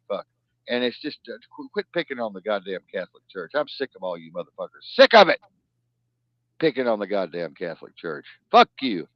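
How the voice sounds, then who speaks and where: Hosting a live-stream news talk show, a man rants in profane outbursts, swinging from loud shouting to low muttering. The recording is dull, lo-fi, and dry, with no room sound.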